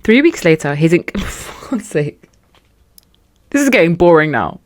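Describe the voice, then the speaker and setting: Young woman, podcast host, storytelling read-aloud, expressive, animated reactions. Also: fairly low pitch, a little slow. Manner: animated, swings into loud outraged reactions. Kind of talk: reading listener stories and reacting.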